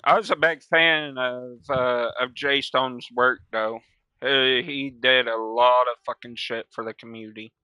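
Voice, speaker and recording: Swearing young male gamer, laid-back slang, crisp dry close sound. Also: medium pitch, steady tone, measured pace, no echo, highs cut off. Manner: profane, laid-back slang with loud quoted outbursts. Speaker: gaming streamer. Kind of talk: casual storytelling while playing.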